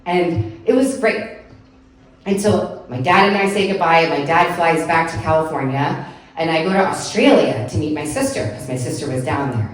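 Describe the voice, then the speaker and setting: A woman's voice: sits low, lively intonation, moderate pace. A woman telling a heartfelt personal story on stage at a live story slam, in an earnest way with frequent "like" fillers. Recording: echoey room, picked up from far off.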